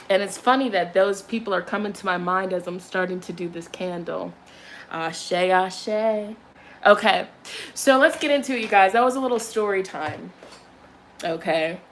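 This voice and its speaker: A young woman who reads tarot, talking in a chatty, animated way and swearing freely as she tells a story and leads a ritual. Her voice sits at an ordinary middle pitch. Faint noise hums behind her. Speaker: tarot reader. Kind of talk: casual storytelling and candle ritual livestream.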